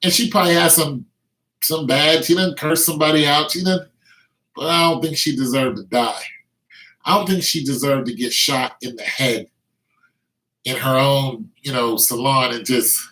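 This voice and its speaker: A man's voice: mid-range voice, moderate pace, pushed and bright. A middle-aged man ranting to camera in a vlog, emphatic and repeating words as he stresses his points. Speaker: vlogger. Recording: roomy echo.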